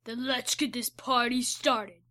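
Give me a gloating cave creature villain, as a woman narrator puts it on, slow and bright. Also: a little high, steady tone. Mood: menacing.

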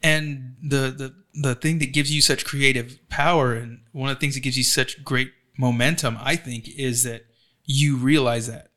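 A man in casual podcast conversation, animated, swearing freely and often acting out other people's voices. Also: mid-range voice, normal speed. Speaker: podcast co-host. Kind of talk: casual chat.

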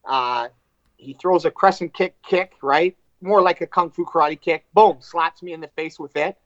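A man, a fighter, telling a fight story in casual chat, animated and profane, acting out what people said. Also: a little high, moderate pace, no room sound, lo-fi sound. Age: adult with wife and two kids. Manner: animated, profane, acts out quotes.

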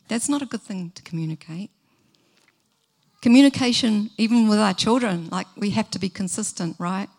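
A woman's voice: medium pitch, a little fast, a little mellow. A middle-aged woman, giving a sermon in an earnest, conversational way and asking the listeners questions. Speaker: preacher.

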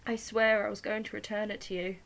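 A woman's voice: mid-range voice, little pitch movement, brisk, vocal fry, fairly bright tone. A woman voicing a nervous young male thief in a storybook reading, stammering and anxious.

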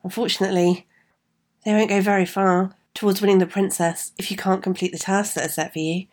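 Woman narrator plays prying old lady, brisk and nosy, fairy tale. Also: mid-range voice, level tone, darkish tone, lightly acted. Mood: inquisitive. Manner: inquisitive, brisk.

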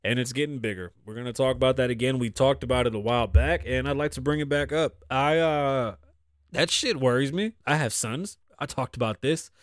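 A middle-aged man hosting a podcast, ranting bluntly with constant cursing, swinging from loud outbursts to low mutters. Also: fairly quick, no room sound, studio quality. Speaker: podcast host. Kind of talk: profane opinion rant.

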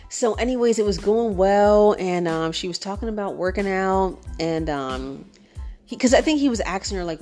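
A young adult woman hosting a podcast in a casual chat, talking in a relaxed, animated way, with features, and switching into voices when quoting friends. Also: medium pitch, moderate pace, soft background music. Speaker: podcast host.

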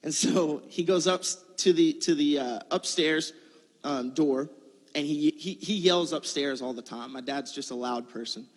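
Guy preaching, kinda high-pitched, chatty earnest storytelling, echo trails off like a big hall. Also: unhurried. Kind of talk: conversational sermon.

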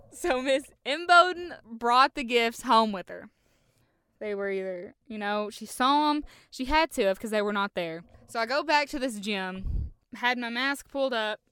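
A woman's voice: a little high, clear, resonant tone, dry recording, studio quality. Young woman telling a prank story. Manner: animated, acts out quoted lines. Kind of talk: personal anecdote told to listeners.

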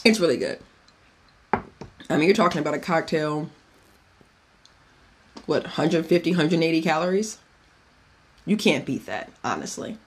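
A man's voice: a little high, sing-song, measured pace, long pauses, a little hiss or hum. A man hosting a podcast in a casual chat, giving a cocktail recipe in a chatty, profane way and drifting off on tangents. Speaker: podcast host.

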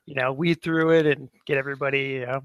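A man's voice: mid-range voice, fairly even intonation, fast talker, fairly bright tone, clean tone, no room sound. A man who edited the podcast, chatting in an easygoing, rambling way about its early days. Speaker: podcast co-host and editor. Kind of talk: casual reminiscing chat.

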